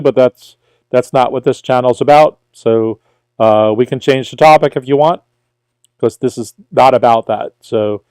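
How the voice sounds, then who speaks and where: A man's voice: mid-range voice, darkish tone, clear, resonant tone, no room sound. Chatty New York man hosting a livestream. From Brooklyn, New York. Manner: reads viewer questions aloud and answers chattily. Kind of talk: casual livestream Q&A.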